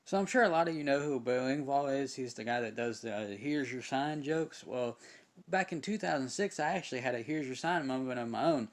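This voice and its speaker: A man telling a casual anecdote with deadpan timing. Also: medium pitch, a little fast.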